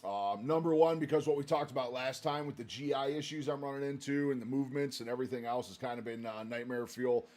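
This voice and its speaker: A man's voice: mid-range voice, fairly even intonation, fast talker, hardly any pauses, a little mellow. A man hosting a weight-loss vlog, chatting casually about his own progress and struggles. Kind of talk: casual commentary.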